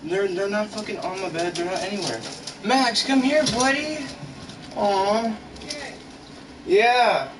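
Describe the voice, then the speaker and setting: Exasperated cursing man, high voice, roomy. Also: slow pace, long pauses. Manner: frustrated, swears constantly, exasperated. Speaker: gaming channel vlogger. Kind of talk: casual rant to camera. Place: bedroom at home. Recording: roomy, far from the mic, noisy background.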